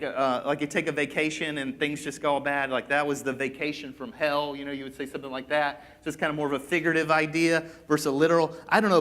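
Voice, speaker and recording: A man's voice: sits high, a bit bright. A man preaching a sermon in a casual, conversational way that builds at times into impassioned pleading. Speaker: pastor.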